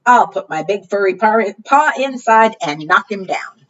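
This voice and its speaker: A woman voicing a big swaggering bear in a storybook, bellowing loudly. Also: mid-range voice, lively intonation, normal speed, lightly acted. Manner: loud bellowing cries. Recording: dull distant recording.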